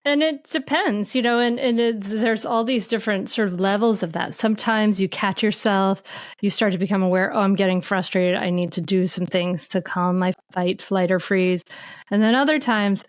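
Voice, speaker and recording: A woman guest on a parenting podcast, telling stories in an animated, searching way with many restarts. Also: medium pitch, normal speed, no room sound. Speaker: guest, mindful parenting teacher. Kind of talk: conversational podcast interview.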